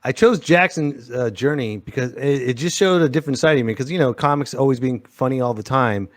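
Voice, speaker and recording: A man's voice: mid-range voice, fairly quick. A man hosting a podcast interview, laid-back and laughing along with short replies. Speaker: podcast host. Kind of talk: casual interview.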